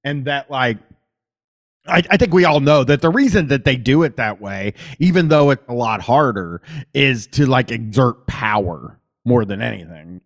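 A man with a plain Midwestern accent hosts a call-in show. He talks loosely and rambles, swearing freely and filling gaps with ums. His pitch sits in the middle. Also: animated, moderate pace. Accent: Midwestern American. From Columbus, Ohio. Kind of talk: casual call-in chat.

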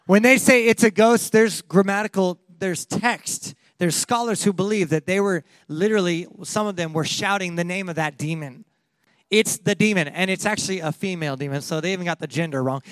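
A man preaching a sermon, animated and laughing often, acting out quotes from the story as he goes. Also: high voice, normal speed, dry recording. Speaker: pastor.

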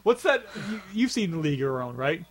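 A man's voice: fairly high pitch, big pitch swings, quick pace, a little hiss or hum. A man hosting a casual film commentary, joking and rambling with friends. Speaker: commentary host.

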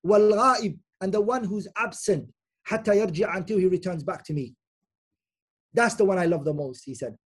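A man's voice: high voice, rapid-fire, breathy edge. A man as an Islamic teacher giving a Quran commentary lecture. He explains step by step, repeats key phrases for emphasis and keeps checking in with the listeners with "okay?".

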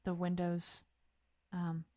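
A woman's voice: on the low side, monotone, slow. Upbeat woman hosting a podcast. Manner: upbeat, laughs easily. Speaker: podcast host. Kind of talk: casual podcast chat.

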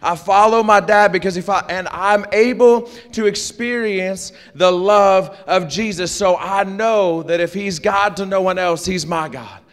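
A man preaching a sermon, animated and joking, with call-and-response asides to his congregation. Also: high voice, measured pace, hardly any pauses. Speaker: pastor. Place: church sanctuary. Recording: long hall reverb.

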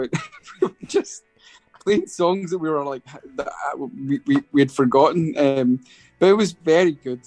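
A man's voice: on the high side, normal speed, no echo, soft background music. Scottish guy telling a story on a radio show, lots of restarts, dry close mic. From Scotland. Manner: hesitant, restarts often, animated storytelling. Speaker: guest musician. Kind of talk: casual interview anecdote.

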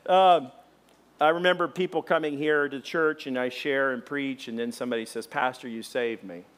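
A middle-aged man preaching a sermon to his congregation, with folksy, conversational talk full of fillers, acting out the shouted quotes in his stories. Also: medium pitch, normal speed. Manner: animated storyteller, acts out loud shouted quotes. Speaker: pastor. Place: church sanctuary before a congregation.

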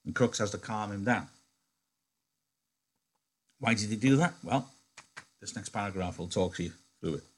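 Male teacher, husky, lowish voice, chatty lesson on a novel. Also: expressive, moderate pace, pauses often. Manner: chatty, thinking aloud with fillers and self-corrections.

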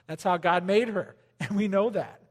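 A middle-aged male pastor preaching in a church sanctuary, his fairly high voice carried by a long hall reverb. He preaches with animated emphasis, swinging from loud bursts to quiet, low asides. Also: moderate pace. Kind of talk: sermon.

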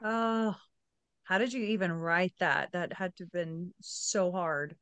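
A woman interviewing an author, excitedly recapping the story and sharing her reactions. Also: lowish voice, slow, clear, resonant tone, no room sound. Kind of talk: casual book-discussion interview.

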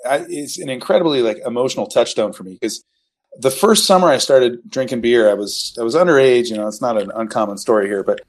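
A man's voice: medium pitch, fast. A middle-aged man hosting a casual podcast chat, explaining things in detail and quizzing his guests. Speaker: podcast host.

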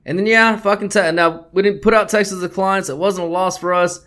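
A man's voice: high voice, fairly even intonation, quick pace, a bit bright. A man hosting a sports betting podcast, talking bluntly and swearing a lot as he gets worked up. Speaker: podcast host.

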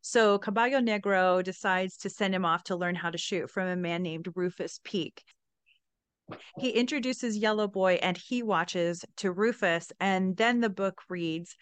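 A woman's voice: medium pitch, moderate pace, clear, resonant tone, no room sound. A woman hosting a podcast, retelling a novel with enthusiasm and reading excerpts. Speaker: podcast host. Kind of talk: storytelling reading with commentary.

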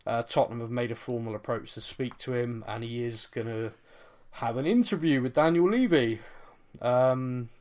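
A man's voice: mid-range voice, moderate pace, a little mellow. A man hosting a casual football podcast, chatty and jokey, now and then slipping into mock voices. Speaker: podcast host.

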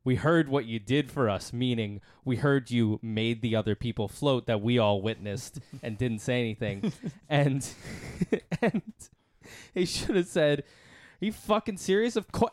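A man's voice: mid-range voice, animated, unhurried, no echo. Rambling male panelist, dry sound. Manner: rambling, laughing. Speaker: podcast panelist. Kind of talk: casual movie chat.

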